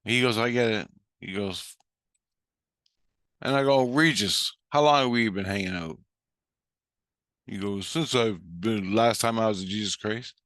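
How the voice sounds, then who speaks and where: A man with a low voice and a bright, forceful edge rants profanely through a rambling monologue. He acts out both voices of a conversation, and the recording is dry and close. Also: a little slow, pauses often, no room sound. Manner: profane, ranting, animated retelling; acts out both sides of the dialogue. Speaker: vlogger.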